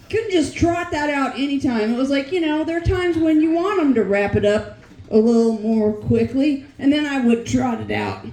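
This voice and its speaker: A woman in her forties performing a bawdy stand-up comedy set, brash, with loud bursts of shouting and laughing. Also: sits high, lively intonation, normal speed. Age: 40s. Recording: roomy echo.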